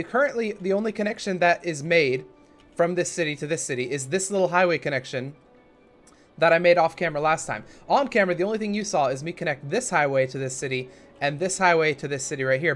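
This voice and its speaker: A man's voice: on the high side, a bit bright. A young man hosting a casual let's play, talking in a chatty, rambling way and often correcting himself. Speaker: gaming channel host.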